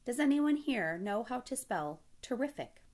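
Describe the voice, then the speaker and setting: A woman voicing a wise, bossy female spider who runs a barnyard meeting, in a crisp, precise, slightly tart manner. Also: on the high side, sing-song, a little slow, darkish tone, voice pushed up. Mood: brisk. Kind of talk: storybook reading.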